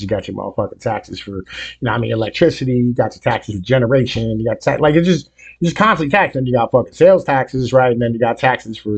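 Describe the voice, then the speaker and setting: The audio is lo-fi, and the speaker, an Appalachian man, has a mid-range voice with a breathy edge. He's hosting a music reaction video, ranting profanely and rambling with lots of fillers like "you know what I mean," growing louder and more heated.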